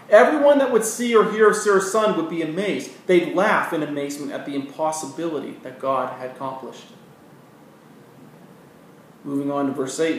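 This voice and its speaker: A man preaching a sermon in an earnest way, with rising emphasis and quiet asides. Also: fairly high pitch. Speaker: pastor. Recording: very echoey room, mic at a distance, faint noise.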